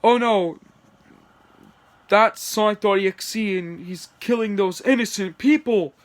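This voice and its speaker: A man's voice: sits high, quick pace, clear, resonant tone, pitched above the performer's own voice. A man voicing an alarmed young hero. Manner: excited, alarmed.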